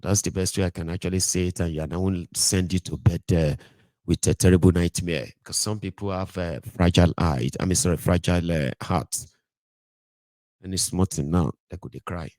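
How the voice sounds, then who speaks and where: A man's voice: sits low, fairly even intonation, normal speed, a little mellow, no echo. A man with a Nigerian accent giving casual, storytelling political commentary, joking and hesitating with fillers.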